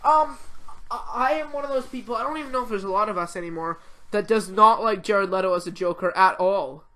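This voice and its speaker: Chatty excitable teen girl podcaster. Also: medium pitch, a little fast. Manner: excitable, rambling, heavy use of "like". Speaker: podcast co-host. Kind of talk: casual chat.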